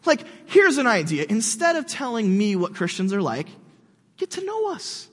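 Casual male preacher with a high voice, slangy and animated, speaking in a hall with long reverb. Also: normal speed. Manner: slangy and animated, says "dude", restarts words. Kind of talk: casual sermon addressed to skeptics.

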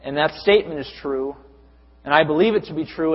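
Guy preaching a sermon, bit husky, echoey church hall, dull sound. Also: on the high side, fairly quick. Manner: rising to emphatic, lengthy repeated lists. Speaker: pastor.

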